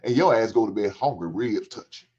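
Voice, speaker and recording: Animated man on a lo-fi livestream. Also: fairly low pitch, a little fast. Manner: animated, joking, swears freely. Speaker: livestream host. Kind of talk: casual storytelling chat. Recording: dull lo-fi stream audio.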